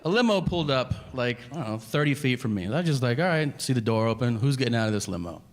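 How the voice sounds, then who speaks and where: Animated, profane stand-up comedian. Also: male voice, mid-range voice, fast talker, big-room sound, a little hiss or hum. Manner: animated, profane, acts out dialogue. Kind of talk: stand-up storytelling. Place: comedy stage.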